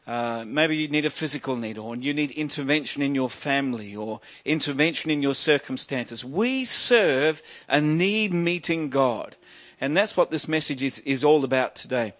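A man's voice: mid-range voice, animated, normal speed, a bit bright. A middle-aged male preacher giving a sermon, joking and restarting phrases, then building to emphatic preaching.

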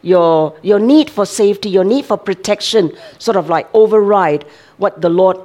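A woman's voice: mid-range voice, normal speed, dark tone. An older woman, a grandmother, preaching a sermon in a conversational way, often checking with listeners and laughing.

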